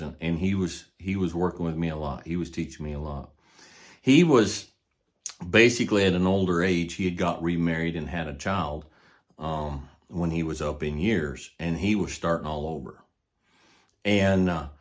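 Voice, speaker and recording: An older man who trains horses, hosting a casual monologue in a folksy, plainspoken way and repeating points for emphasis. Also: sits low. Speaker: podcast host, rancher and horse trainer.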